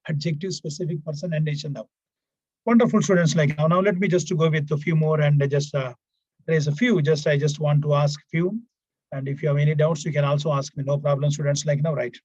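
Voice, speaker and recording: A man teaching a grammar class online, repeating himself often and filling pauses with "right, right". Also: a little high, darkish tone, dry recording, lo-fi sound. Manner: repetitive, fills pauses with "what we call it as" and "right, right". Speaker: English teacher.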